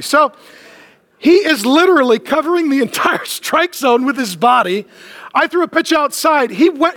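Male pastor, very high voice, joking storyteller, long hall reverb. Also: fairly bright tone. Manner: humorous storytelling, drops to low emphatic lines. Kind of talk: sermon.

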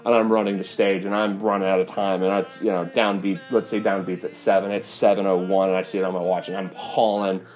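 Low-voiced man telling a tour story. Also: a little fast, few pauses, soft background music. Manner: animated, breathless retelling with many fillers. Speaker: touring fiddle player. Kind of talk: casual storytelling.

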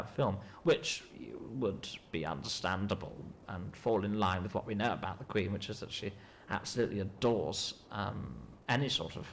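Rambling deadpan man. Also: mid-range voice, a little hiss or hum. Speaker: actor being interviewed. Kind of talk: mock interview.

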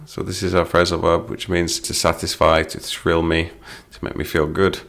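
A man's voice: deep voice, level tone, normal speed, creaky, hardly any pauses, a bit bright. A middle-aged man teaching English phrases through song lyrics, patient and explanatory.

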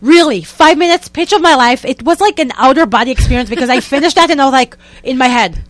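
A young woman, a guest telling a story in a lively, casual way and acting out what people said. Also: sits high, fast talker, no echo. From Israel. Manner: animated, acts out quotes in other voices, many "like" fillers.

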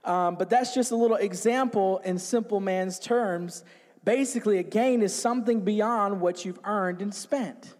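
Man, high voice, energetic preacher, call-and-response sermon, reverberant church hall. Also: moderate pace. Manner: energetic, jumping about. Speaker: pastor. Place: small church with few people.

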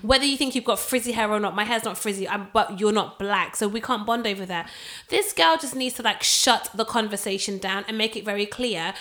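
A woman's voice: mid-range voice, brisk, few pauses, a bit bright. A woman co-hosting a podcast, speaking firmly and emphatically in casual chat. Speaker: podcast co-host.

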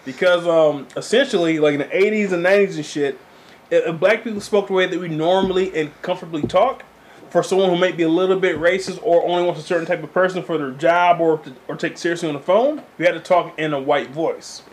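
A man's voice: on the high side, fast talker. A man co-hosting a loose, joking casual chat. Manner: loose and joking, slips into impressions.

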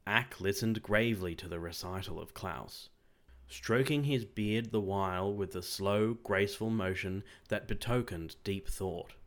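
A man reading a classic story aloud as audiobook narration, in measured, phrase-by-phrase delivery. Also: fairly low pitch. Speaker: audiobook reader.

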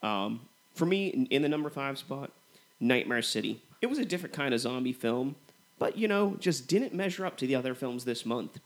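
A man's voice: medium pitch, a little fast. Male podcast co-host, mid voice, casual and chatty, heavy on fillers. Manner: relaxed, filler-heavy comparisons with "you know". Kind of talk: casual movie review chat.

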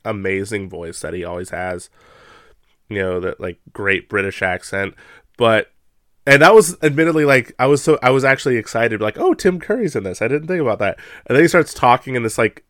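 A man co-hosting a podcast, chatting casually about a film in an animated way with frequent laughs. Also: on the low side, smooth, dry recording, clean studio sound. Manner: animated, laughs often, quick asides. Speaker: podcast co-host. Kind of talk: casual movie review chat.

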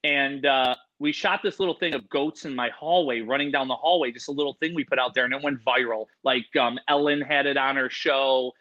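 A man telling a rambling, animated story in a casual interview, acting out the voices of people in it. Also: medium pitch, a little fast, few pauses, lo-fi sound. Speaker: animal entertainer guest.

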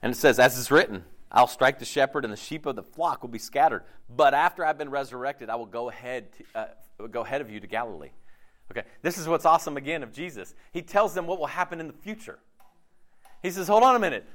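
A man preaching a casual, jokey sermon, acting out quotes with lively swings in his voice. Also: fairly high pitch. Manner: animated, jokey, acts out quotes. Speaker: pastor.

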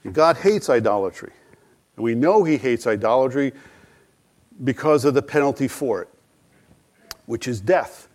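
A man's voice: medium pitch, animated, moderate pace, long pauses, darkish tone. A middle-aged man preaching a sermon, earnest, asking rhetorical questions and acting out quoted dialogue. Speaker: pastor.

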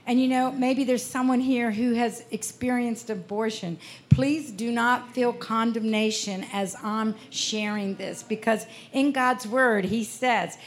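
Woman, 60s, slightly high voice, sincere testimony speaker, earnest storytelling. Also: steady tone, a little slow. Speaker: speaker at a Christian festival. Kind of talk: personal testimony talk.

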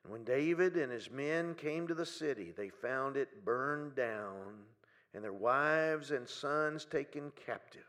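A man preaching a sermon to a congregation in a church hall, dropping to hushed near-whispers and rising to loud, pleading cries, often stretching his words slowly. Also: mid-range voice. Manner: slow, drawn-out phrasing.

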